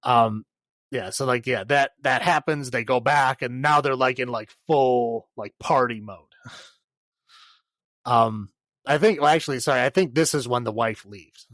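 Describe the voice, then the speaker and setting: A man's voice: mid-range voice, measured pace, fairly bright tone, no room sound. A man co-hosting a podcast, casually recapping a film in a rambling way, full of filler words and laughs. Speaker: podcast co-host.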